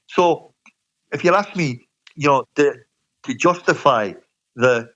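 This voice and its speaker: A man's voice: mid-range voice, lively intonation, unhurried, long pauses, a bit bright. Opinionated man on dull audio. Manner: opinionated, restarts sentences, uses "you know" and "mate". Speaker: guest pundit. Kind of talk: casual sports radio chat. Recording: dull lo-fi sound.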